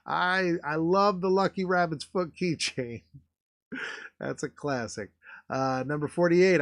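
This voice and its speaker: Chatty man with a fairly high voice. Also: animated, unhurried, vocal fry, a bit bright, no room sound, clean studio sound. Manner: chatty, laughs between remarks. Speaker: nostalgia video host. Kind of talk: casual vlog commentary.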